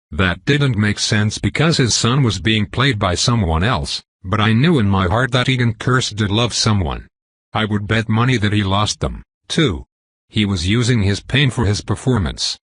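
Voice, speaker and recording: A man reads a first-person novel aloud in a steady, even way. His voice is husky and sits low. The recording is dry and close. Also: no echo. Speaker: audiobook narrator. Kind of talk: first-person audiobook narration.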